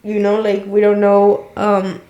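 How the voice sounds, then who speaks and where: A woman guest on a podcast talks softly and reflectively about what matters. Her tone is emotional and sincere. Her pitch sits in an ordinary middle range for a woman. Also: monotone, measured pace, lo-fi sound. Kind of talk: heartfelt casual chat.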